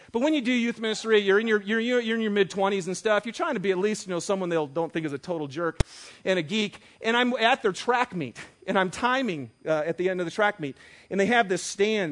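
Male pastor in his thirties, high-pitched voice, lively preaching with dramatic loud and quiet swings. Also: quick pace. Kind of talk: sermon.

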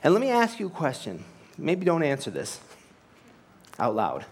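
A man's voice: on the high side, wildly swooping pitch, moderate pace, slightly rough. A man preaching a sermon, earnest and emphatic, asking rhetorical questions and telling anecdotes. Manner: tells anecdotes with light laughs. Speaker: pastor.

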